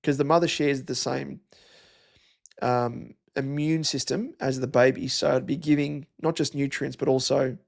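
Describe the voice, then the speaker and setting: A man's voice: mid-range voice, fairly even intonation, normal speed, vocal fry. An Australian young man hosting a casual live stream, rambling and chatty with lots of fillers as he reads out comments. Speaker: livestream host.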